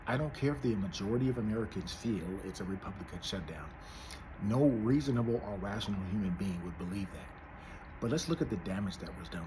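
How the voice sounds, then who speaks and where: A man's voice: lowish voice, noisy background. A man hosting his own show, delivering an indignant, emphatic political commentary monologue full of repeated lines. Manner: indignant, emphatic ranting with repetition. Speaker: host.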